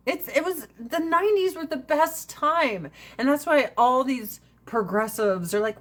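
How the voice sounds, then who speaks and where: A woman's voice: high voice, animated, moderate pace, hardly any pauses. A woman in her forties chatting casually with viewers on a livestream, brash and profane, ranting and laughing often. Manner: laughs often between lines.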